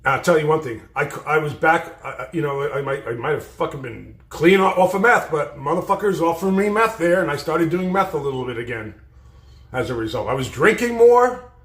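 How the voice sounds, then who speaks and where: A livestream host telling rambling, profane stories in a blunt way. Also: male voice, a little high, animated, a little fast, fairly bright tone. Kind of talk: storytelling on a livestream. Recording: roomy echo.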